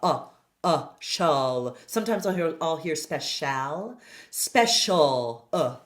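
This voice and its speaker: Woman voice teacher, slow and deliberate, low-ish pitch, over-enunciating pronunciation drills. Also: lively intonation. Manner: demonstrates sounds, over-enunciates words.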